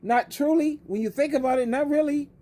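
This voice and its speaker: An older woman, an advice coach, speaks in a high, mellow voice at a slightly quick pace. Addressing the camera directly, she delivers an emphatic, preachy monologue, repeating words for stress and calling the listener honey.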